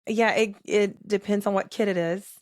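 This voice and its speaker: A woman in her thirties co-hosting a casual faith podcast, candid and quick to laugh as she talks about parenting. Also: mid-range voice, steady tone, darkish tone, dry recording, clean studio sound. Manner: candid, laughs often, quotes herself talking to her kids. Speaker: podcast co-host.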